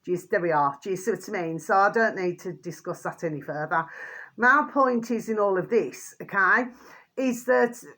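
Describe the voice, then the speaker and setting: A woman's voice: medium pitch, moderate pace, fairly bright tone. A middle-aged woman from Birmingham with a Birmingham accent and a hint of Yorkshire, rambling casually to camera as a vlogger and repeating her pet phrases. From Birmingham, England.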